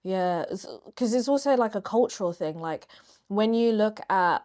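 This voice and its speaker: Woman, British accent, young adult, co-host, casual chat, mid pitch, reflective. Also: darkish tone. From United Kingdom. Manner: chatty, reflective, drawn-out words.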